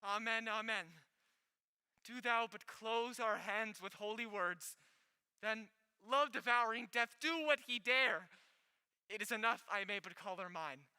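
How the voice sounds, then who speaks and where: Teen actor doing an earnest young guy in love, very bright sharp voice, hall echo. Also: mid-range voice, measured pace, clean tone. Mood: ardent. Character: ardent young lover, man. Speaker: high school stage actor. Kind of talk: school stage play. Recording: school hall reverb.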